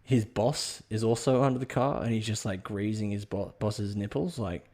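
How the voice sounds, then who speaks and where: A man's voice: on the low side, normal speed, a little mellow. A man hosting a podcast, rambling and swearing through a comic monologue. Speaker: podcast host.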